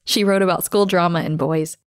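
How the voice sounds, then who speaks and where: A woman hosting a show, reading a scripted story in a measured, expressive way that slows down for emphasis. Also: lowish voice, no echo, studio quality. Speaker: podcast host and narrator.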